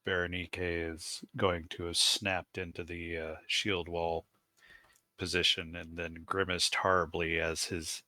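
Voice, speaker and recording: A man's voice: low-pitched, little pitch movement, measured pace, pushed and bright, dry recording, clean studio sound. A man playing a tabletop game, describing his character's actions in third person. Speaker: player. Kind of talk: casual tabletop role-play.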